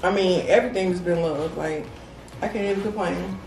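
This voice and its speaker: A woman's voice: lowish voice, moderate pace, noisy background. Woman chatting about food while she eats, roomy echo, mic kinda far. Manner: relaxed, talks food between bites. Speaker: mukbang guest. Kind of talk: casual eating chat. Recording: roomy audio from a distant mic with faint music. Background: faint music.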